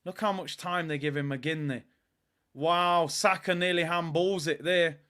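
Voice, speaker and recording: A young man commentating live on a football match as a fan, excitable, using slang and shouting at the players. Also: on the high side, a little slow, smooth. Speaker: fan watchalong host.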